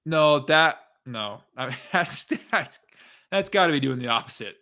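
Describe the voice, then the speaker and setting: Jovem de voz clara e brilhante. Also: male voice, a little high, lively intonation, normal speed, bright, forceful tone. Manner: laid-back, laughs easily. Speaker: podcast co-host. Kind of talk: casual sports podcast chat.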